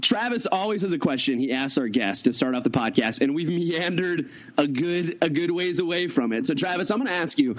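A male podcast host chats loosely and tells jokey anecdotes, often wandering off topic. His voice sits a little higher than most men's. The recording sounds slightly muffled and lo-fi. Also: animated, a little fast. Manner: rambling, jokey. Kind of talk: casual chat.

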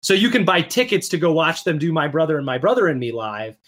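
A man with a slightly higher voice talks in a loose, chatty podcast style. He explains things at length, peppering his talk with "like" and "right?". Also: sing-song, fast talker, fairly bright tone. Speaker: podcast co-host. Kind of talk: casual chat about comics and games.

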